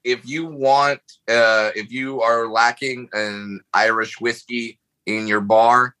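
A man's voice: medium pitch, fairly even intonation, slow pace, bright, forceful tone, clean tone, low-quality recording. A man chatting as a comedy guest on a podcast, enthusiastic and stumbling over repeated restarts. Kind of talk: casual chat.

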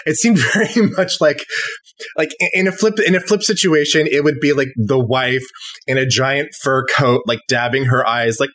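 A man's voice: medium pitch, moderate pace, a bit bright, no echo. A man guesting on a podcast, chatting casually in a rambling way and laughing along. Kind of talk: casual chat.

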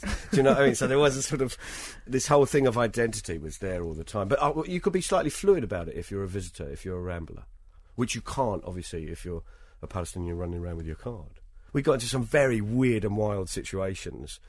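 A British man with a low, husky voice tells stories as an interview guest who works as a travelling performer. He's a lively raconteur, acting out other people's lines in conversational anecdotes, speaking briskly with hardly any pauses on a dry recording.

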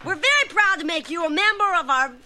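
An actor voicing a smug, nerdy schoolboy who leads a club, in a nasal, squeaky cartoon voice. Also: male voice, big pitch swings, fast, background noise. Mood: self-satisfied. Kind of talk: cartoon clip.

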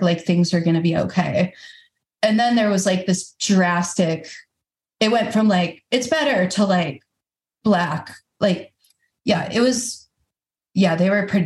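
A woman's voice: on the low side, a little mellow. A woman in a podcast interview, talking candidly and casually with many fillers. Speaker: podcast guest, climber. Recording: roomy-sounding recording.

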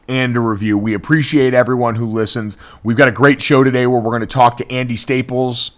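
A man's voice: medium pitch, fairly quick. A man hosting a sports podcast in casual, chatty talk full of asides. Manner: chatty, many "like" fillers, lively asides. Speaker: podcast host.

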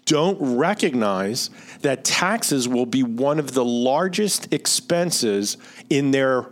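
A man's voice: medium pitch, expressive, takes it slowly. A middle-aged man with a Philadelphia accent, hosting a retirement-planning podcast in a conversational, explanatory way that keeps checking in with "right?". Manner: explanatory, reads out figures, asks rhetorical "right?". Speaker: financial advisor podcast host.

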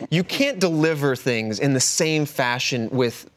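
A man co-hosting a podcast in casual chat, rambling and full of fillers, gently self-deprecating. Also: mid-range voice, lively intonation, unhurried. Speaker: podcast host.

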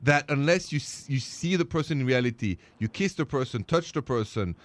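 A man co-hosting a relationship advice radio show, emphatic and halting, often repeating himself. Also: medium pitch, animated, dry recording. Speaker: radio co-host.

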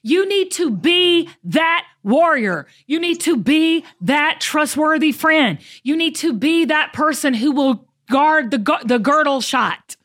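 A woman's voice: sits high, slow pace, hardly any pauses. A woman hosting a casual chat with her friend, talking in an emphatic, preachy way. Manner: animated, preachy and emphatic, acts out quotes. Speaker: podcast host.

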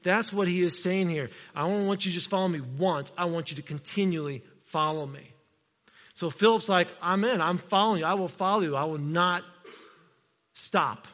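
A man preaching to his congregation in an animated sermon, his fairly high voice rising and dropping as he slips into quick voices for the people in the story. The sound is slightly dull and muffled. A long reverb trails each phrase, as in a large church hall. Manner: animated preaching, acts out Bible characters in quick asides. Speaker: pastor. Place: church sanctuary.

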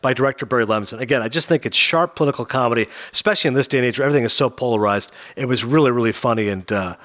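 A man hosting a radio show, chatting casually and quickly about movies, rambling and animated. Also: medium pitch. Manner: fast, rambling, animated with impressions. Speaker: radio host. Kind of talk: casual film talk.

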